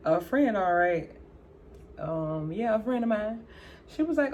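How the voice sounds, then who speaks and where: A woman's voice: slow pace, long pauses, highs cut off, slight background noise. A young woman vlogger chatting casually while doing her makeup, acting out both sides of a conversation, with Southern US slang. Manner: animated, acts out both sides of a dialogue, jumps high for her own exclaims. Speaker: beauty vlogger.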